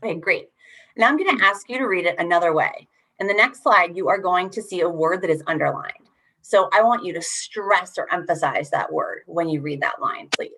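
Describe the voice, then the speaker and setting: A young adult woman facilitating an online teacher workshop over a video call, encouraging and animated as she rereads lines with emphasis. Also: fairly low pitch, fairly quick.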